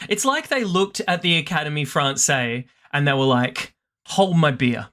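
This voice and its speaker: A man's voice: a little high, animated, moderate pace, sharp tone. A man co-hosting a podcast, chatting casually with sarcastic, playful banter. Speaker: podcast co-host. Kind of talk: casual chat.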